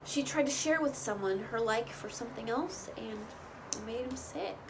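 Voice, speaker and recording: A woman casually recapping a reality show, chatty, with lots of "like" and "you know" and lively quoted bits. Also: on the high side, moderate pace, heavy background noise. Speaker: recap host.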